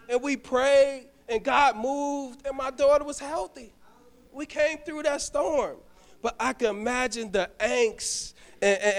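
Man, church deacon, sermon, high voice, stammering restarts, storytelling to the congregation. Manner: addresses the congregation directly. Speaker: deacon preaching. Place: church sanctuary.

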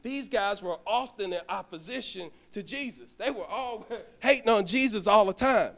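A man's voice: high-pitched, expressive, moderate pace, a bit bright. A man preaching a sermon as a church deacon, telling a personal story and speaking directly to the congregation, often stumbling and restarting his words. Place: church sanctuary.

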